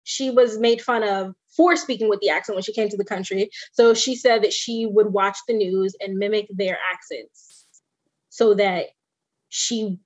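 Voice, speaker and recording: A woman's voice: medium pitch, normal speed. Chatty woman on a lo-fi podcast. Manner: animated storytelling, mimics relatives' voices. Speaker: podcast co-host. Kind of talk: casual chat.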